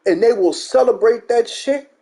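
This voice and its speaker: A man's voice: very high-pitched, normal speed, mellow. A young man hosting his gaming channel, giving a profane, mocking, emphatic rant about games. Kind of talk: ranting gaming commentary.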